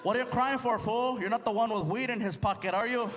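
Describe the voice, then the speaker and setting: A man voicing a rowdy stoner friend who yells and mocks from the back seat. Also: extremely high pitch, fast talker. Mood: taunting. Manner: yelling, taunting. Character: rowdy stoner buddy, male, loud and mocking. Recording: noisy live show recording.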